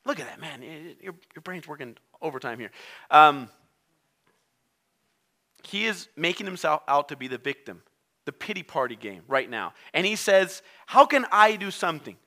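A non-native English-speaking man preaching a sermon, telling the story in an animated way and acting out its characters. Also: fairly high pitch, moderate pace, pauses often. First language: not English.

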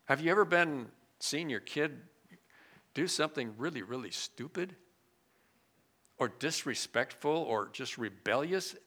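A man preaching a sermon and reading scripture aloud. He swings between loud, emphatic lines and hushed, quiet asides. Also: mid-range voice, lively intonation, a little slow.

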